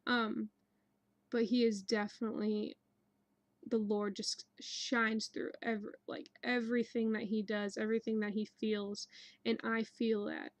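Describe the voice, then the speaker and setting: A young woman tells a personal story in a casual, rambling way, full of fillers and restarts. Her voice sits a little high. The sound is dry and close, with no room around her. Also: level tone, unhurried, no room sound, low-quality recording. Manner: rambling, many ums and likes. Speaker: dream narrator.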